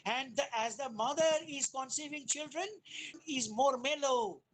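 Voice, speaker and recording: Slow, deliberate woman lecturing. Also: high-pitched, low-quality recording. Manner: deliberate, explanatory, with frequent restarts. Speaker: guest lecturer. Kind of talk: academic webinar lecture on poetry.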